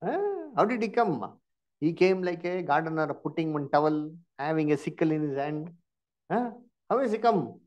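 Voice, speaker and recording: A man's voice: a little high, lively intonation, normal speed, darkish tone. A man with an Indian English accent teaching a Bible lesson, firing questions and prompting answers with "huh?".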